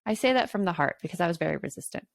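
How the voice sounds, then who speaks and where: A woman's voice: lowish voice, animated, racing, gravelly, no echo. A woman co-hosting a parenting podcast, talking earnestly in casual chat and laughing easily. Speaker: podcast co-host.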